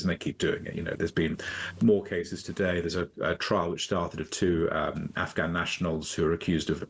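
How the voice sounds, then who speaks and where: Deep, husky political commentator. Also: male voice. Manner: emphatic, repeats words when starting. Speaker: guest commentator.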